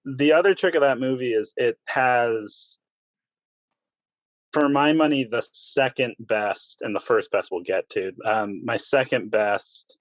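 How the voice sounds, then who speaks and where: A man's voice: mid-range voice, a little slow, no echo. A man co-hosting a podcast, giving casual opinions about acting in old films. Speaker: podcast co-host. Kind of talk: casual film discussion. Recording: dry, dull lo-fi sound.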